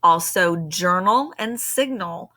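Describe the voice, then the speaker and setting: Bright-voiced woman teaching a spelling lesson. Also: fairly low pitch, animated, slow pace. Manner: patient, explains step by step. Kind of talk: recorded spelling lesson for students.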